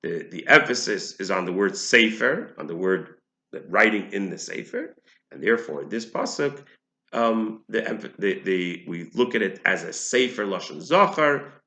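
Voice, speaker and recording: A man teaches a religious text in a bright, pressing voice, working through each point slowly and restating it. His words ring around an echoey room. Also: on the low side, animated. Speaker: Torah teacher. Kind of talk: explaining a text to listeners.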